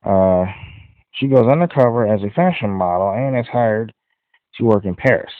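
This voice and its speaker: A man's voice: on the low side, animated, moderate pace, no room sound. A man hosting a podcast, giving a casual, rambling movie review full of "you know" fillers. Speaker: podcast host. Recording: dry, phone-like audio.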